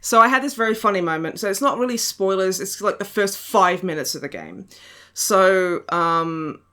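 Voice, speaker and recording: A woman's voice: mid-range voice, lively intonation, normal speed, sharp tone. A woman hosting a podcast in casual chat, sardonic and giggly, with frequent swearing. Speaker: podcast host.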